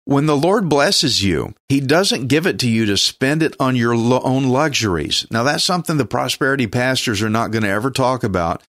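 A man's voice: mid-range voice, fairly bright tone, dry recording, studio quality. A man from Texas with a Texan accent, teaching the Bible on a radio show in a casual, folksy, joking way, sometimes stumbling over names.

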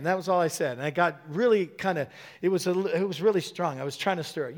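A man's voice: fairly high pitch, a little fast. A middle-aged male pastor preaching a sermon with stories, calling out to the congregation, with many fillers and restarts. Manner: animated, call-and-response, many fillers and restarts.

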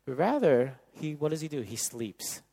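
A man in his thirties preaching at a camp, telling a personal story with lively acted-out voices and frequent laughter. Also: fairly high pitch, moderate pace, gravelly, slightly rough. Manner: animated storyteller, acts out voices, laughs often. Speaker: camp speaker. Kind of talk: sermon with storytelling.

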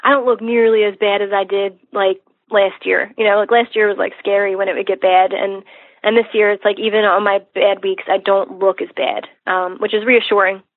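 A woman guest in a casual conversation, talking chattily with many fillers and a husky voice. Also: mid-range voice, little pitch movement, a little fast, no room sound. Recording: tinny phone line, dry.

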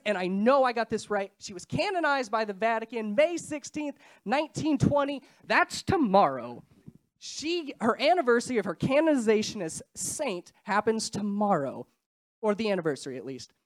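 Young woman preacher, nasal and stuffed up from a cold, lively pitch, casual chatty delivery. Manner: chatty, self-deprecating, quick asides. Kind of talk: casual sermon.

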